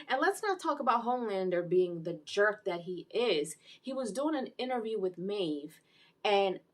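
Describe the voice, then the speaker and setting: A woman giving a casual, animated recap and review of a TV episode, telling the plot with exclamations. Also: mid-range voice. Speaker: TV series reviewer.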